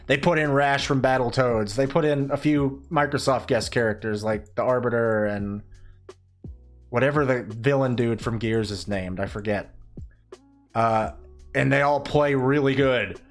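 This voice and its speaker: A young man streaming while he draws, talking casually and ranting with plenty of swearing and quick asides. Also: medium pitch, soft background music. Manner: rambling, profane, animated ranting with put-on quoted voices. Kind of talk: casual chat while drawing.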